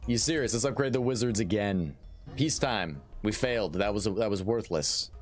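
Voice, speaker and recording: A man streaming a strategy game live, commentating in an excitable, jokey way and often restarting his sentences. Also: fairly low pitch, moderate pace, faint music behind. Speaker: gaming streamer.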